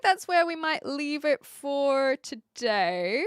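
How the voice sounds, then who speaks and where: A woman's voice: high voice, very animated, slow, hardly any pauses, no echo, clean studio sound. A woman streamer chatting casually while reacting to videos, often exasperated and arguing with her chat.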